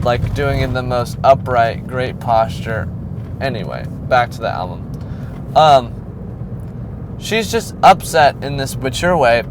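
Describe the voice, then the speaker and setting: Man rambling through an album review outdoors. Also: mid-range voice. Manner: rambling, many filler ums and likes. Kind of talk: casual spoken album review. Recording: clear street and traffic noise.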